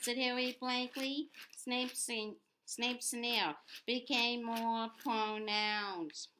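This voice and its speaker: A woman reading a novel aloud, halting often and repeating words, in a noisy home recording. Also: on the high side, little pitch movement, sharp tone. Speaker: audiobook reader.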